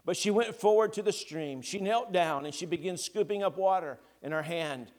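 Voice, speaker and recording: A man preaching a sermon, slow and deliberate with long pauses between phrases. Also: sits high, darkish tone.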